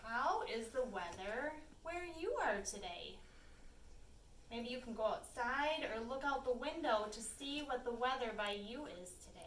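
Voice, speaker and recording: Woman teacher, storytime reader; slow, clear, animated delivery; distant mic in a roomy space with faint noise. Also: a little high. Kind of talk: reading picture books aloud to young children. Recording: echoey room, mic from far off, faint background hum.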